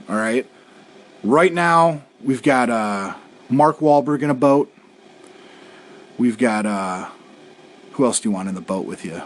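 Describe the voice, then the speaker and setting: A man hosting a casual video show, talking in an easygoing, reassuring way and often tagging on "all right". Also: mid-range voice. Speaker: host.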